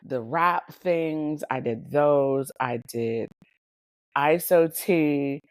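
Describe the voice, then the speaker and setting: Woman in her 30s doing a chatty podcast, low voice, dry close mic, laughs a lot, keeps saying y'all. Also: very slow, no echo. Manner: lively, animated, laughs often, addresses listeners as y'all. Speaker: podcast host and coach. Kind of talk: casual storytelling monologue.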